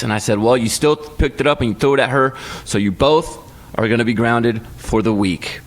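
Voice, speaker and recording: A man in his thirties co-hosting a casual podcast chat, telling stories with lively energy and acting out his kids' voices. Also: mid-range voice, moderate pace. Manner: animated storyteller, acts out his kids' voices. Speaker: podcast co-host.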